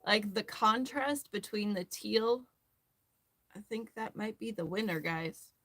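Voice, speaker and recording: A woman's voice: medium pitch, takes it slowly, a bit bright. A woman hosting a crochet tutorial, chatting casually and rambling as she works, laughing often. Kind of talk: casual chat while crocheting.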